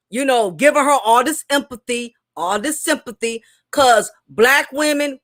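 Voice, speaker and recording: A woman's voice: a little high, pushed and bright. A woman giving a casual, opinionated commentary monologue, emphatic and repetitive, her speech a little thick from recent dental work. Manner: emphatic, opinionated, repeats herself. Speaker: commentary host.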